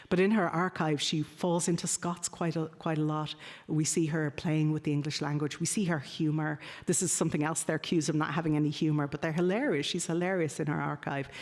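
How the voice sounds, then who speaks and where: Woman lecturer, lowish voice, halting with fillers, echo of a large hall. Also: a little mellow. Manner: many ums and uhs, self-correcting. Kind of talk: academic lecture.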